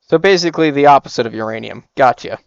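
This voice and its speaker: Gravelly-voiced gamer on a dull dry mic. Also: male voice, mid-range voice, no echo. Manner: quick, joking asides. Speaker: player. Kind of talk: casual online game chat.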